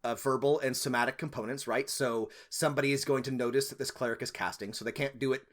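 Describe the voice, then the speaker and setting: A man's voice: mid-range voice, steady tone, quick pace. A man co-hosting a casual podcast, giving game master advice in a rambling, thinking-aloud way with lots of fillers.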